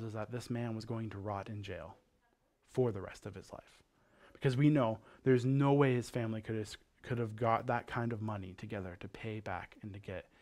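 A male pastor from Canada giving a sermon, telling a parable in a casual, conversational way. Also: mid-range voice.

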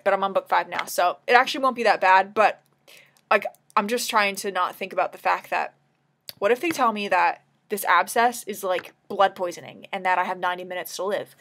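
A woman's voice: medium pitch, pushed and bright. A tearful woman talking anxiously in a casual confessional vlog, rambling and emotional, at times dropping to a whisper. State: tearful, crying. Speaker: vlogger.

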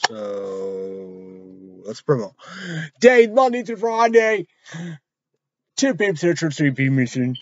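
A man's voice: high-pitched, big pitch swings, normal speed, pauses often, dry recording, dull audio. A man rambling and swearing through a casual vlog, trailing off into mumbles. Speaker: vlogger reviewing an energy drink.

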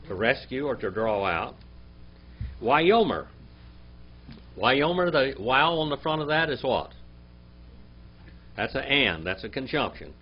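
A man teaching a Bible language class, quizzing his students and reading Hebrew words out slowly. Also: mid-range voice, breathy edge. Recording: dull lo-fi classroom recording with faint hum.

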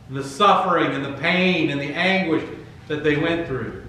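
A pastor preaches a sermon in a church sanctuary, his slightly high voice moving at normal speed with a sharp tone. He's conversational and emphatic, retelling scenes in his own casual words and voicing Bible figures offhandedly. The recording is low quality and very echoey.

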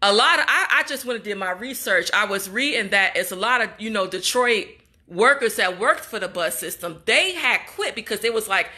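A woman's voice: mid-range voice, sharp tone. A young woman from Chicago, a graduate student, venting in an upset, emotional vlog straight to her viewers. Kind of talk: casual emotional vlog monologue.

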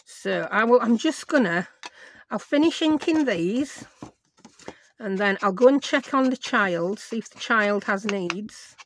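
A woman's voice: medium pitch, expressive, unhurried, a little hiss or hum. A middle-aged woman, hosting a chatty crafting tutorial and rambling to herself as she works. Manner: rambling, self-mocking, talks to herself while working. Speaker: craft channel host.

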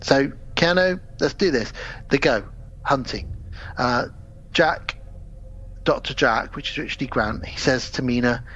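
A man co-hosting a casual film review podcast, retelling scenes in an animated way and quoting characters in put-on voices. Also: medium pitch, unhurried, pauses often, husky, dull audio. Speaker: podcast co-host.

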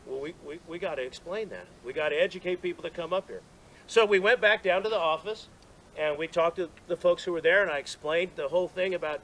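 A man's voice: fairly high pitch, quick pace, a bit bright, a little hiss or hum, rough recording. A man giving a rambling, self-deprecating story as a speech at an outdoor dedication, with restarts and laughs. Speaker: speaker at monument dedication. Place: outdoors at a gathering.

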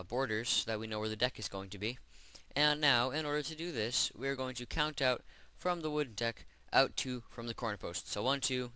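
A man's voice: mid-range voice, sharp tone, clear, resonant tone, dry recording. A man hosting a game-building tutorial, chatting casually and rambling as he works through each step. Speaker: Minecraft tutorial host. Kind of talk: gameplay voice-over tutorial.

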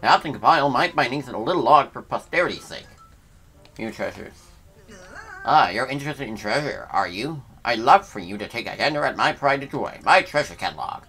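A man's voice: medium pitch, expressive, brisk, pushed and bright, breathy edge, voice pushed up, heavily acted. A man voicing a polite, flustered male treasure appraiser in a formal, put-on accent, reading game dialogue aloud. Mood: courteous.

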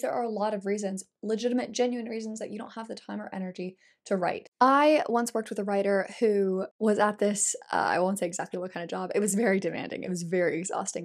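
A woman giving a casual instructional vlog on writing. She is chatty and direct, talking straight to the viewer with emphatic, lively delivery. Her voice sits at an ordinary pitch. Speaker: writing coach.

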